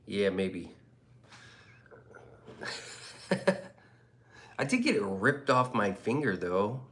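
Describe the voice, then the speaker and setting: A man's voice: on the low side, animated, drawn-out words, long pauses, a bit bright. A man hosting a livestream in rambling casual chat, profane and loose, often laughing. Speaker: livestream host.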